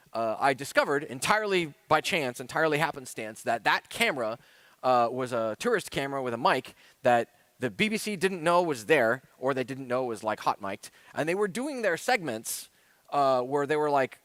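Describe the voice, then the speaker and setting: A man speaking at a conference in a loose, rambling way, full of "uh" and "like" as he goes. His voice sits at an ordinary middle pitch, and the sound is close and dry. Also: a bit bright, no echo. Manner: rambling, filler-heavy, chatty. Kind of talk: casual conference talk.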